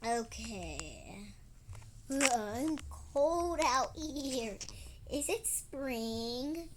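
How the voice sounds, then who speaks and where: A woman's voice: sits high, expressive, very slow, noisy background. A young girl narrating her own role-play game in a casual, dramatic, giggly way and talking to an in-game duck. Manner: dramatic, giggly, easily startled.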